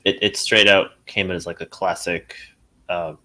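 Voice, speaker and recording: Very deep-voiced, hesitant man. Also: fairly even intonation, sharp tone. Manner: hesitant, halting. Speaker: guest.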